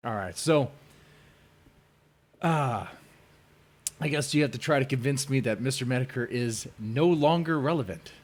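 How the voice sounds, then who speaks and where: Husky-voiced man hosting a stream. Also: medium pitch, measured pace, long pauses. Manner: loose, rambling, joking with chat. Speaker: stream host. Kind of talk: casual livestream debate.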